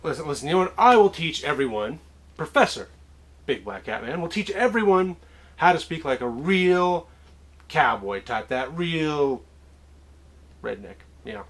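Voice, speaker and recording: Husky guy doing a goofy mock lesson, super lively up and down. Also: on the high side, a little slow, pauses often. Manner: theatrical, mock-lecturing. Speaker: host playing a mock professor.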